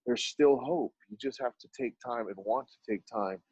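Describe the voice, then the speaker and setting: Dallas guy guesting on a podcast, husky voice, tells stories with lots of voices, kinda muffled mic. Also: moderate pace, dry recording. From Oak Cliff, Dallas, Texas. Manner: animated storyteller who acts out dialogue with sudden jumps in pitch. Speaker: podcast guest, artist and business owner. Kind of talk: storytelling in a conversational interview.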